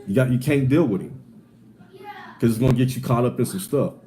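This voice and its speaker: A man teaching from the Bible in a casual, streetwise way, his voice mellow and relaxed in tone. He hammers points home by repeating them, calling listeners "man," and swings between loud sarcastic outbursts and quiet asides. A faint hum of room noise sits behind him. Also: medium pitch, a little fast. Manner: emphatic, repetitive, says "man" often.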